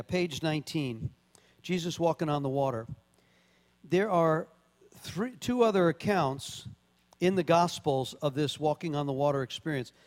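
Male pastor, high voice, conversational sermon with sudden emphatic bursts, long hall reverb. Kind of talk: sermon with scripture reading.

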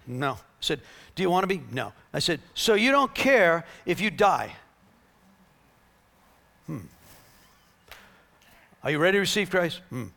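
A man's voice: a little high, unhurried, gravelly, pauses often. A man preaching a sermon, telling a healing story with acted-out dialogue and laughter. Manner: animated, acts out dialogue, laughs.

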